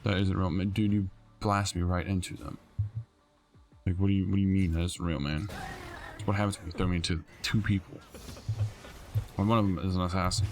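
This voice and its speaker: A man's voice: low-pitched, level tone, a little fast, long pauses, darkish tone. A man giving casual, exasperated commentary while playing a video game, grumbling at teammates. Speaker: gameplay streamer. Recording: game music behind voice.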